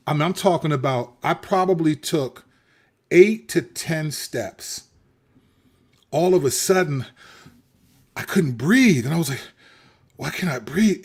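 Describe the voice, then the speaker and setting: Animated streetwise man telling his story. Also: fairly high pitch. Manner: animated, streetwise, preacherly, repeats himself. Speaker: host. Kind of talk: candid personal storytelling.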